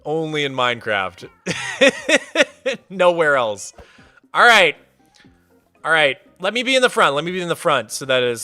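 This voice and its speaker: A young man chatting casually while hosting a game stream, excitable and playful, greeting viewers by name. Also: medium pitch, smooth. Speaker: livestreamer and server host.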